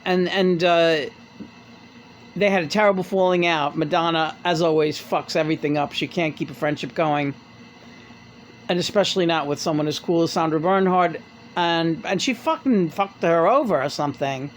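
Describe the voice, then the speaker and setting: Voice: medium pitch, normal speed, a little hiss or hum. A podcast host in casual chat retells a memoir, rambling and swearing freely, with many restarts. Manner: rambling, profane, full of restarts.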